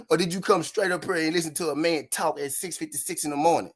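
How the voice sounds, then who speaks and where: Man, stream host, fairly high voice, mocks chatters, laughs a lot. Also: a little fast, a bit bright, husky. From Memphis, Tennessee, US. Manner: taunting, mocking, laughs often, repeats lines. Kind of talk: live-stream banter with chat.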